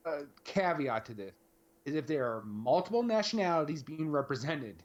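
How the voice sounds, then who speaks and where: A man co-hosting a casual live chat, rambling and restarting his sentences. His voice sits fairly high and swings around a lot in pitch, heard through dull, lo-fi stream audio. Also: very animated, normal speed. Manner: rambling, conversational, lots of fillers. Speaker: podcast co-host.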